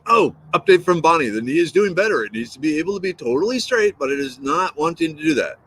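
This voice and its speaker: A man's voice: a little high, animated, quick pace, fairly bright tone, slight background noise, rough recording. A man in his fifties chatting on an early-morning live stream, greeting viewers by name and answering their comments in a playful, rambling way. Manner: playful, repeats words and trails off. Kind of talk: casual live-stream chat.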